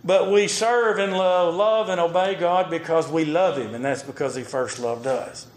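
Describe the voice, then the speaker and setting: A man's voice: fairly high pitch, moderate pace. A man preaching a sermon. He reads old scripture aloud and stops to comment on it. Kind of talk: sermon with Bible reading. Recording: roomy echo.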